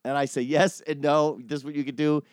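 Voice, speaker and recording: A man casually telling a long story from his film-set days, animated and profane, acting out the people he quotes. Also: fairly high pitch, a little fast, dry recording, studio quality. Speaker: podcast host telling a story.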